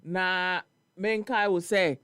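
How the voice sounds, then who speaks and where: A Ghanaian man hosting a morning radio show, telling a story and reading listener comments in an animated, laughing way. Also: sits high, slow pace, clear, resonant tone, no echo. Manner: animated, laughing storyteller mixing Twi and English. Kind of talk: casual chat reading social media comments. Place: radio studio.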